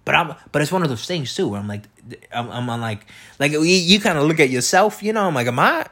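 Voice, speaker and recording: Husky, lively-voiced man rambling casually. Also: on the high side, fast talker. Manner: profane, meandering, frequent fillers and self-restarts. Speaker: podcast host.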